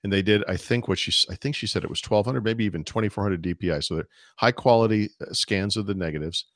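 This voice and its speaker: A man's voice: on the low side, fast, no echo, studio quality. A middle-aged man co-hosting a podcast, chatting casually and rambling through long asides with many restarts. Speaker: podcast co-host. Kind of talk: casual chat.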